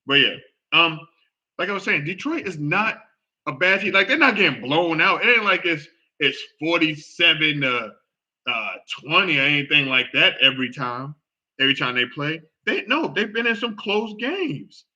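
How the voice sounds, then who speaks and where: A man hosting a casual football talk show, reacting out loud with groans and exclamations as he watches a game. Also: on the high side, normal speed, muffled recording. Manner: animated, exclaims and groans at plays. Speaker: sports podcast host.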